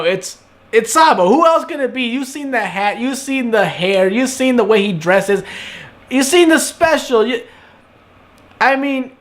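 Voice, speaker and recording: A man reviews an anime episode in a casual video, excitable and swearing freely. His voice sits high, and he gushes between stumbling fillers. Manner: excitable, gushing, profane.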